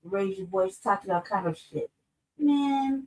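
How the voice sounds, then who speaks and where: A woman co-host speaks her mind bluntly on a loose panel, swearing freely and cutting in. Her voice is mid-pitched and sits slightly back from the microphone. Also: lively intonation, a little slow, a little mellow, far from the mic, poor audio. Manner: blunt and profane, jumps in. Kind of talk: casual panel chat.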